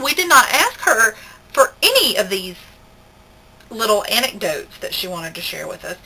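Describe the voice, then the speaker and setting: A woman's voice: medium pitch, sing-song, moderate pace, sharp tone, husky, poor audio. A young woman with a Southern American accent, telling a story in a chatty, indignant way for her vlog. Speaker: vlogger.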